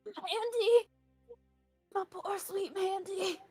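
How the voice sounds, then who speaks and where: A man voicing an excitable old male doctor who sobs and wails theatrically over a lost girl in a tabletop game. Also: very high-pitched, very slow, no echo, clean studio sound, soft background music, pitched above the performer's own voice, full character voice. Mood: grieving. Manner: wailing, sobbing, theatrical grief. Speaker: player.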